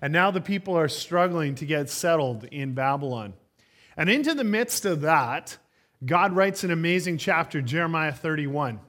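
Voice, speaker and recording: A man's voice: a little high, expressive, moderate pace, a bit bright. A man preaching a sermon as a pastor in church, telling stories in a conversational way with frequent fillers.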